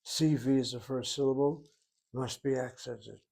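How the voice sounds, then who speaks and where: A man teaching a language lesson, patiently explaining and repeating words slowly so learners catch the pronunciation. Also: medium pitch, fairly even intonation, creaky, a little mellow. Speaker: Hebrew teacher.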